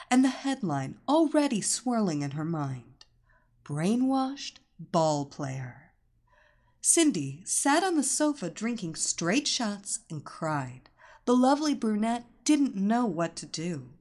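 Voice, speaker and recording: A woman narrates an audiobook at an unhurried pace. Her intonation rises and falls expressively throughout. It is steady, deliberate storytelling. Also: mid-range voice.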